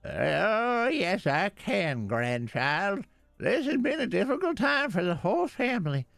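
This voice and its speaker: A man doing a syrupy gravelly old grandma. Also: sits high, very animated, measured pace, a bit bright, dry recording, soft background music, pitched above the performer's own voice, full character voice. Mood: sugary. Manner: syrupy, falsely apologetic. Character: sweet old grandma, gently guilt-tripping.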